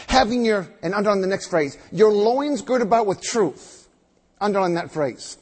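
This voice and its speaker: A man preaching a sermon, reading scripture aloud and then explaining it slowly with emphatic repetition. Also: high-pitched, breathy edge. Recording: long reverb of a large hall.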